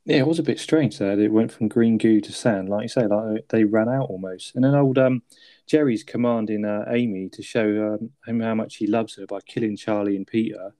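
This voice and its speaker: A man's voice: lowish voice, fairly quick, dark tone, no room sound. A man chatting casually about a film on a podcast, laughing often and asking his co-host to agree.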